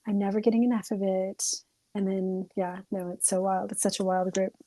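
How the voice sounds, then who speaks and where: A young woman speaks as a guest on a casual podcast. She is blunt and quick to joke. Her voice sits at a medium pitch and sounds close and dry, with no room echo. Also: level tone, warm tone. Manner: candid, quick, joking. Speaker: guest, therapist-style content creator.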